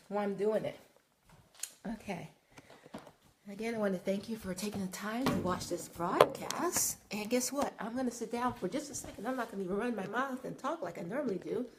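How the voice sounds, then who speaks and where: A woman's voice: mid-range voice, a little hiss or hum. A woman hosting a live broadcast, casually talking viewers through a yoga pose step by step. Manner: casual, talkative, guiding step by step. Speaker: host and yoga instructor. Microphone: live broadcast camera mic.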